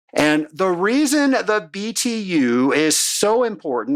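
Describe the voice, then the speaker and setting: A podcast host giving a folksy, self-deprecating solo talk in an emphatic, teaching way. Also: mid-range voice.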